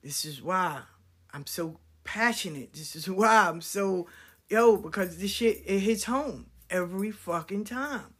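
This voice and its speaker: A woman's voice: lowish voice, fairly bright tone, breathy edge. A woman in her fifties telling an impassioned personal story, blunt, profane and fiery.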